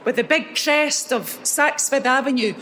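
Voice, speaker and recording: A Scottish woman in middle age speaks at a live event, her voice sitting a little high. She tells her stories with energy and acts out the dialogue as she goes. Faint room noise sits behind her. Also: unhurried. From Scotland. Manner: animated storyteller acting out dialogue. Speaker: keynote speaker. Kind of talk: motivational talk with storytelling.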